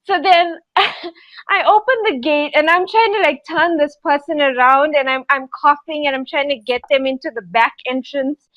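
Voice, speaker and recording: A woman on a podcast telling a rambling story in casual chat, animated and giggly with lots of fillers. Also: sits high, moderate pace, no echo, highs cut off. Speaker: podcast co-host.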